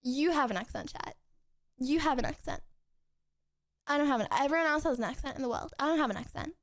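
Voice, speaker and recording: A woman's voice: sits high, brisk. A young woman streamer chatting casually with her viewers from home, rambling and giggling, with lots of restarts.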